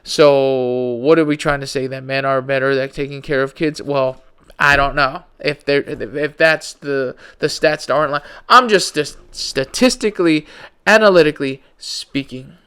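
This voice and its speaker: A man's voice: mid-range voice, moderate pace, fairly bright tone, smooth. A tired man hosting a podcast alone, rambling in casual slang about conspiracy theories, yawning as he talks. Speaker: podcast host.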